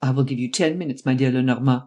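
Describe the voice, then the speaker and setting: A reader doing a blustering male statesman in an audiobook, clipped and exclamatory, pushing hard for fast action. His voice sits at an ordinary middle pitch. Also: fairly even intonation, dark tone, natural voice. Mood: urgent. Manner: brisk, exclamatory, pushes for quick results. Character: impatient male head of government, blustering.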